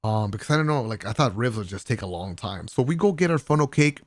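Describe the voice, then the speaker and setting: A young man casually telling the story of a trip in a vlog voice-over, excitable and full of slang, sometimes breaking into laughs. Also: fast, dry recording. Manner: animated, laughing, swearing, mimics friends in raised pitch. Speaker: vlogger.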